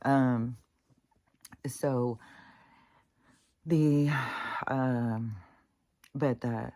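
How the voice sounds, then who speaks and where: A woman's voice: rumbling low, steady tone, very slow, creaky, pauses often, warm tone, no room sound, clean studio sound. A woman venting in a casual spoken monologue, rambling and profane, with restarts and laughs. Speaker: vlogger.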